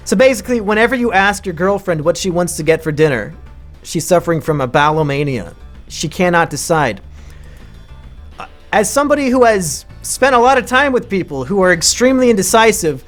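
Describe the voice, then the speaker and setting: A man live-streaming with crude, sarcastic commentary, now and then breaking into shouting rants. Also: high voice. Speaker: streamer ranking mental illnesses.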